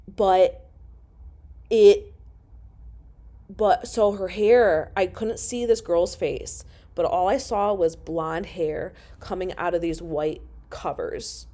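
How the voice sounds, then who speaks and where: A woman's voice: on the low side, warm tone. A woman telling a personal story to her viewers in a casual, emotional way, swearing freely and talking straight to them. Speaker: storyteller vlogger.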